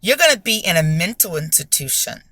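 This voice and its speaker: A woman's voice: lowish voice, big pitch swings, brisk, bright, forceful tone, breathy edge, no room sound, exaggerated voice. A woman voicing a firm, no-nonsense former nun who speaks bluntly and admonishingly. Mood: stern.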